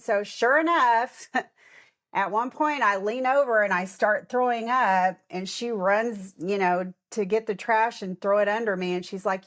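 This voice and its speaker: With a mid-range voice and a slightly slow pace, a middle-aged podcast co-host tells personal stories in a casual chat. She often laughs and animatedly performs the quoted voices of others.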